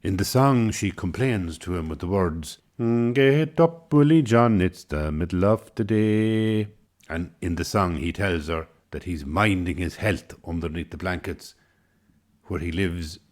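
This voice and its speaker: An Irish man telling a personal story in a reflective, meandering, wry way. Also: deep voice.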